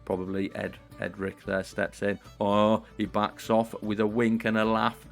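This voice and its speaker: A man's voice: fairly low pitch, monotone, measured pace, gravelly, soft background music. A man giving comedic role-play commentary on a strategy game, playful and theatrical, chatting to his viewers. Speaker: gaming YouTuber.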